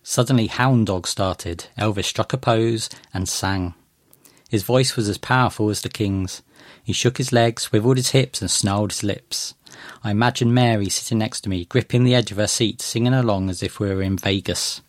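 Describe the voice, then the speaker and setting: Man narrating a story, calm and measured, lowish voice, dead dry sound. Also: dry recording. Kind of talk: first-person story reading.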